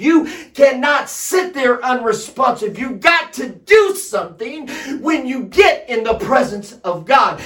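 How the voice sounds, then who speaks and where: High-voiced man preaching at full shout. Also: far from the mic. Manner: preaching with rising shouted emphasis. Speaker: pastor. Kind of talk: sermon. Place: streamed service addressed to home viewers.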